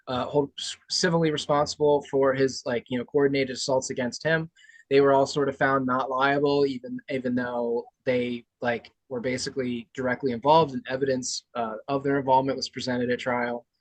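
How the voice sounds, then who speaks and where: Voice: medium pitch, no room sound, poor audio. A podcast host in casual political chat who rambles and leans on lots of fillers.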